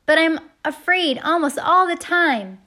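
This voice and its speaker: A woman reading an audiobook, voicing a young boy who acts tough but is scared, shouting his lines into the wind. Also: very high-pitched, animated, measured pace, pitched above the performer's own voice, exaggerated voice.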